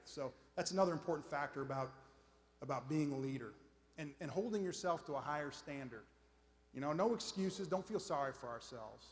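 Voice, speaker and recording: A man giving a motivational faith talk at a men's conference. He speaks conversationally and pokes fun at himself, often checking in with the audience. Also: on the high side. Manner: conversational, self-deprecating, keeps checking in with "all right?". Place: large conference hall before a live audience. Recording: reverberant conference hall.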